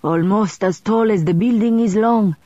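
A woman's voice: medium pitch, normal speed, mellow, no echo, pitched above the performer's own voice, lightly acted. A woman reading the part of a sour, curt male manservant, in a slightly muffled recording. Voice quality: sour, clipped.

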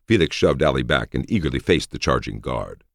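A man reading a fantasy audiobook in a steady storytelling manner. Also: very deep voice, a little fast, creaky, no room sound, studio quality. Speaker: narrator. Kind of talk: audiobook narration.

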